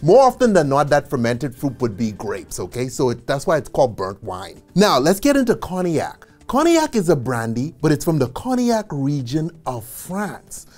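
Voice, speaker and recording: Lively man teaching bartending basics. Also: fairly high pitch, normal speed, hardly any pauses, soft background music. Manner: animated, checks in with "okay?" after points; casual and chatty, with asides and small laughs. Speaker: bartending instructor. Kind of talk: instructional video lesson.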